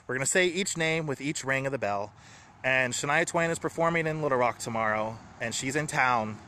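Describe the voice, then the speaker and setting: A man vlogging from home, talking in an earnest, rambling, grateful way, excited and a little shaky. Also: medium pitch, a little fast, slight background noise. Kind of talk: emotional personal vlog.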